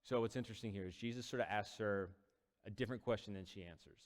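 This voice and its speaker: A man's voice: on the low side, fast, big-room sound. A man casually retelling a Bible story as a teacher, conversational with quoted dialogue. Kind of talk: casual Bible study talk.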